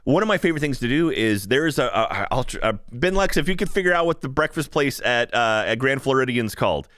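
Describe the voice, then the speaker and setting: A man co-hosting a casual podcast chat, excitable and full of restarts. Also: mid-range voice, fast, no room sound, studio quality. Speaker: podcast co-host.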